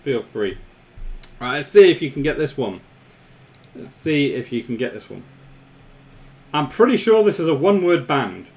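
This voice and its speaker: A man hosts a live stream in a casual, chatty way. His pitch sits a little high and swings widely as he talks. He laughs often and repeats himself. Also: big pitch swings, moderate pace, long pauses, darkish tone.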